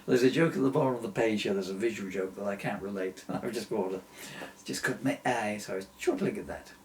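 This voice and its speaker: A man's voice: fairly low pitch, brisk, a little hiss or hum. A man reading aloud from his own comic book, chuckling at his jokes and asides.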